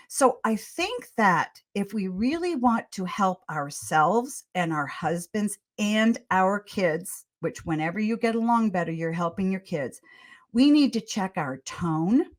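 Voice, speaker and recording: Earnest older woman giving parenting advice. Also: mid-range voice. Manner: earnest, storytelling, frequent repeats and restarts. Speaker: pediatrician and parenting author, guest. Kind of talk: conversational advice in a podcast interview.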